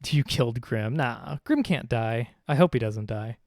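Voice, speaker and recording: A man's voice: medium pitch, animated, measured pace, a little mellow, dry recording, clean studio sound. A man streaming a video game, chatting casually and joking with his viewers while he plays. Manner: chatty, jokey, reads game dialogue aloud. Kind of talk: casual gameplay chat. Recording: faint game music behind.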